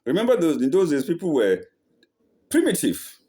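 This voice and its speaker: A man teaching the Quran verse by verse, reciting lines and then translating them slowly, often correcting himself and checking in with "eh?". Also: on the high side, huge pitch swings, dark tone. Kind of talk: verse-by-verse scripture lesson.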